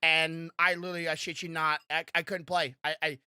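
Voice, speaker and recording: Young man, podcast host, casual chat, rambling, lots of fillers, bright voice. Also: fairly high pitch, level tone, brisk, smooth, no room sound. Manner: rambling, many fillers and restarts.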